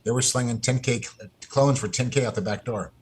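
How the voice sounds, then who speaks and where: Man, podcast guest, cursing, rambling, mid-range pitch. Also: a little fast, a little hiss or hum. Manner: profane, rambling storytelling. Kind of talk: casual podcast chat.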